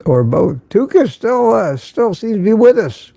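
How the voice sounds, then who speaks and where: A man's voice: sits high, big pitch swings, normal speed, gravelly, dark tone, no room sound. An older man hosting a casual morning livestream, greeting viewers by name and reading the chat aloud. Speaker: livestream host.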